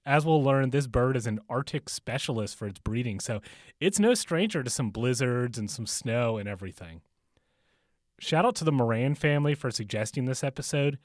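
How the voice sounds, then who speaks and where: A man's voice: medium pitch, animated, normal speed, dry recording. A man hosting a podcast in a chatty, casual way, laughing at his own jokes and using many fillers, recorded in a bookstore. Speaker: podcast host.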